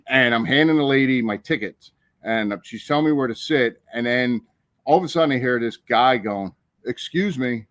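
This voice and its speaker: A man with a mid-range voice tells a story in loose, casual talk. He is animated and swears freely, jumping into the voices of everyone in the tale. The sound is dry and close to the mic. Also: medium pitch, dry recording. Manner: animated, profane, acts out the people in his story. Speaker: podcast co-host.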